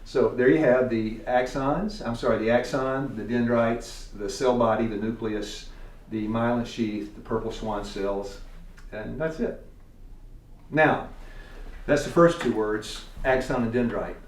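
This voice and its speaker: A man's voice: mid-range voice, a little slow, a little hiss or hum. A man with a Tennessee accent teaching a church class, quizzing his students in a folksy way and chuckling often. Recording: echoey room, distant mic.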